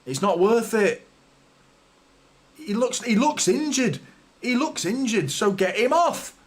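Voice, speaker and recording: A man's voice: high voice, big pitch swings, takes it slowly. A man hosting a live football watchalong, commentating and ranting at his team's players with frustrated, sweary exasperation. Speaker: fan channel host.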